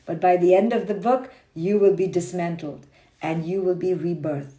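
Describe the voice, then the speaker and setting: A woman psychologist giving a brisk, blunt motivational talk on a phone livestream, acting out people's inner voices as she goes. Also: lowish voice, mellow. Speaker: clinical psychologist and author. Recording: roomy echo.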